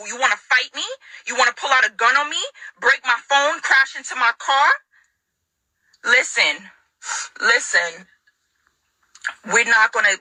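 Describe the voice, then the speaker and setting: A woman's voice: on the high side, bright, forceful tone, no echo, low-quality recording. A young adult woman ranting straight at an ex, confrontational and repeating lines for emphasis. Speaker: vlogger addressing her ex. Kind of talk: angry direct-to-camera rant.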